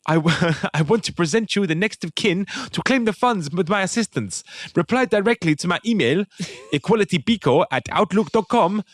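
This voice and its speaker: Guy putting on a stuffy scam lawyer voice, high and bouncy, broken grammar, dead formal. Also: animated, normal speed, no echo. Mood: mock-formal. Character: pompous foreign lawyer in a scam email, male.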